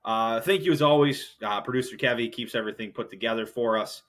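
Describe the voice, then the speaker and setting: A man's voice: medium pitch, brisk, fairly bright tone. A young man hosting a solo podcast, ranting in a heated, profane, rambling way. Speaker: podcast host.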